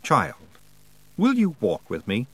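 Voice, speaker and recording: A man voicing a male winter spirit who speaks slowly and very calmly, with solemn grandeur. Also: mid-range voice, breathy edge, no room sound, heavily acted. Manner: calm, slow, solemn.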